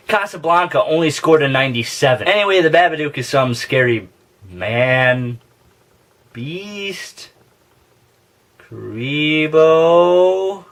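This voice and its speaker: Joking man with a lively voice. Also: medium pitch. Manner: jokey, profane asides and self-interruptions. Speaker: YouTuber ranking horror villains. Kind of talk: casual comedic list commentary. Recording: noisy home recording.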